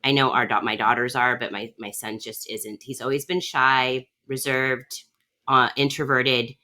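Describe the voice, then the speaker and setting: A woman's voice: a bass voice, level tone, a little slow, pushed and bright. A woman hosting a podcast, chatting casually and telling a long family story with lots of fillers. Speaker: podcast host. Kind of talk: casual chat.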